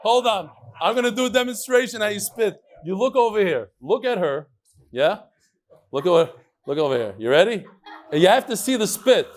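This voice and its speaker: A man with a fairly high voice leads a daily Talmud lesson. He explains lightly and jokes often, dropping Hebrew and Aramaic terms into his English. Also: normal speed. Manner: lively, joking, mixes in Hebrew and Aramaic terms. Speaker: Talmud teacher.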